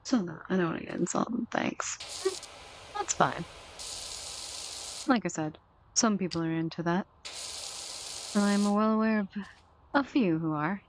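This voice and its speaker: A young adult woman streaming a game in a soft-spoken ASMR manner, teasing and chatting lazily with her viewers. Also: lowish voice, a little slow, pauses often, a little hiss or hum, rough recording.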